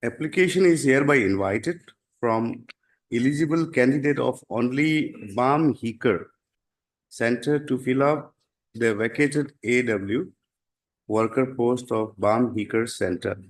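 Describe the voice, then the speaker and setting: A man with an Indian English accent arguing his own case before a judge, formal and deferential, pausing often and saying "my lord" again and again. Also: mid-range voice. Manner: halting, deferential, repeats 'my lord' constantly. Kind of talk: formal courtroom submission.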